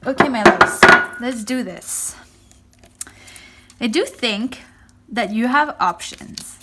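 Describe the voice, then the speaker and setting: A woman with a slightly raised pitch chats her way through a tarot card reading for viewers. She talks casually and a little awkwardly, as if new to the camera, leaning on the same phrases and plenty of ums. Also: lively intonation, takes it slowly, a bit bright, slight background noise. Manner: chatty, repeats "I do think", many fillers; first time on camera, a bit awkward.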